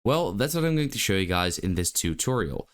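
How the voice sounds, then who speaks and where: Man, lowish voice, casual tutorial host, chatty step-by-step explaining, filler words. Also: sing-song, a little fast. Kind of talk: casual screen-recording tutorial.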